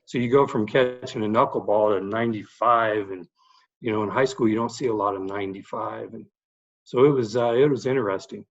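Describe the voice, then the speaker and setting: Speaking briskly in a lowish voice over dull audio, a middle-aged baseball head coach shares animated, filler-laden stories from his playing days as a guest in a casual podcast chat.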